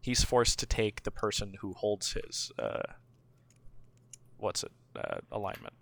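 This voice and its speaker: A man's voice: lowish voice, measured pace, gravelly. A young man on a casual podcast chat, teasing his friend and sounding exasperated. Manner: teasing, exasperated, jumps between flat and loud. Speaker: podcast co-host.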